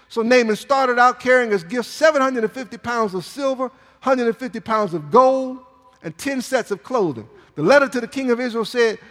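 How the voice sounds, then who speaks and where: A male pastor preaches with a high, highly animated voice, rising and falling dramatically. His emphatic delivery swings from soft to loud. Long reverb from the church sanctuary trails each phrase. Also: normal speed. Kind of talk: sermon. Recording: long reverb in a large hall.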